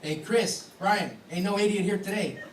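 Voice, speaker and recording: A man's voice: high-pitched, moderate pace, far from the mic. A man giving a wedding toast as the groom, joking and teasing with laughs. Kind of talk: wedding speech. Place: large banquet hall. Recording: echoey hall, mic heard from afar, background noise.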